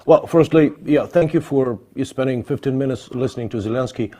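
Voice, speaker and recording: A man hosting a panel discussion, putting a long question to a guest in a halting way, searching for words. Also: medium pitch, dark tone. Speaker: host.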